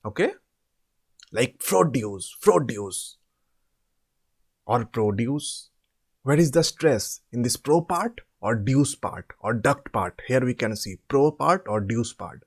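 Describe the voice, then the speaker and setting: A man explaining an assignment step by step. He asks questions and answers them himself, and repeats words slowly to show how they are said. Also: medium pitch, expressive, slightly rough. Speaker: online tutor.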